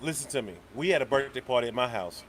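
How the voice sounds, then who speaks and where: Animated man on a podcast. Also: mid-range voice, fast talker, a little hiss or hum. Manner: animated storytelling, quotes people in raised voice. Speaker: podcast co-host. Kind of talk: casual chat.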